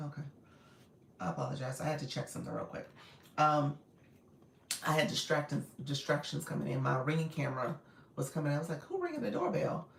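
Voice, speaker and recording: A woman with a naturally raspy voice, a bit strained today, hosting a casual live stream and greeting viewers warmly. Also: low voice, flat delivery, a little fast, long pauses, slight background noise. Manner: warm, encouraging, greets viewers often. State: voice a little strained. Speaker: live-stream host and coach. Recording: echoey room.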